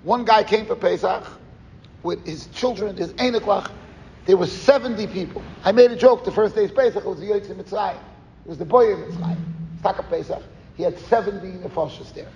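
A man giving a Torah class as a rabbi, in a lively yeshiva-style lecture, telling stories and mixing Yiddish and Hebrew terms into his English. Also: high-pitched, fairly quick, long reverb tail, dull audio, a little hiss or hum. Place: summer camp hall.

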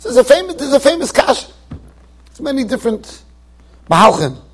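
High, husky-voiced rabbi lecturing emphatically. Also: male voice, big pitch swings, fairly quick. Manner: emphatic, asks rhetorical questions, repeats phrases, stumbles on restarts. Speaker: rabbi teaching a Torah class. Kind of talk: lecture-style Torah class. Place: yeshiva study hall.

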